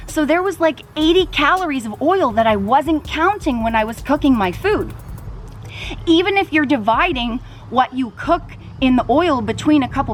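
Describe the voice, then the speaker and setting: A woman's voice: high voice, a little hiss or hum. A woman vlogger talking casually to the camera outdoors in a backyard, explaining her diet mistakes step by step. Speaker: weight loss vlogger.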